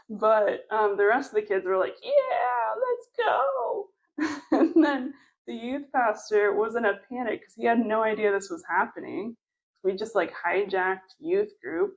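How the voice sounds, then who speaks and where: A woman's voice: mid-range voice, moderate pace, low-quality recording. A woman telling a story in a casual chat, rambling with lots of fillers and laughter. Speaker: podcast co-host.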